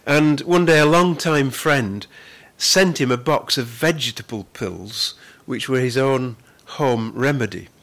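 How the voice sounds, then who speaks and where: A male pastor preaches in an earnest, conversational way at a middle pitch. He often repeats words as he gathers his thoughts. He slows right down to lean on the scripture he quotes. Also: fairly bright tone. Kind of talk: sermon.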